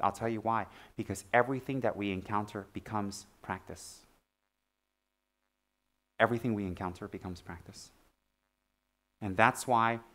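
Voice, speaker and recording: Male Buddhist teacher, mid pitch, teasing and animated, earnest in quiet passages. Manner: playful, teasing, swings from loud animated jokes to soft earnest teaching. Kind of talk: Dharma talk.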